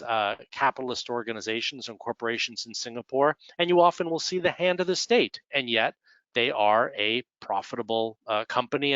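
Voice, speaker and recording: Speaking at an executive development webinar, a man from the United States with a Midwestern American accent walks through slides conversationally, dropping in dry, humorous asides. His mid-range voice is a bit bright, recorded with no room sound and lo-fi quality.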